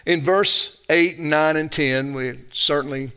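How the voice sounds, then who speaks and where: A man delivers a passionate sermon with a fairly high voice. He drives his points home with rhetorical questions and swings from loud emphasis down to near-whispered quiet. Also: slow, smooth. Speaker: preacher.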